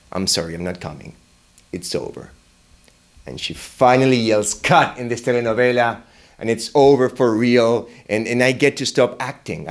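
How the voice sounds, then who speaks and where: A young man telling a personal story, wry and self-mocking, jumping into high, excited voices when he quotes himself. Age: young adult.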